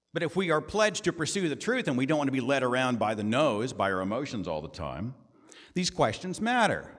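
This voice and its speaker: A man's voice: mid-range voice, sing-song, moderate pace, a bit bright, in a large hall. A man giving a talk, with a conversational manner and many rhetorical questions. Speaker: guest speaker. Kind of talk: lecture presentation. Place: lecture hall.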